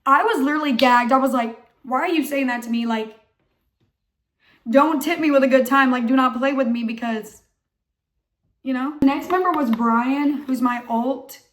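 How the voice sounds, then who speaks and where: A young woman with a hoarse, not fully recovered voice, excitedly telling a casual vlog story and filling her talk with "like". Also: high voice, moderate pace. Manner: excited, chatty, heavy use of "like". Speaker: vlogger.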